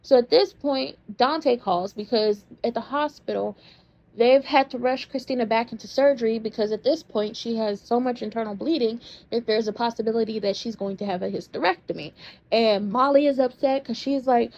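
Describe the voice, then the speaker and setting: A woman's voice: fairly high pitch, moderate pace, a little mellow. A woman hosting a soap opera recap in casual commentary, sassy and slangy as she tells stories. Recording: dull lo-fi sound.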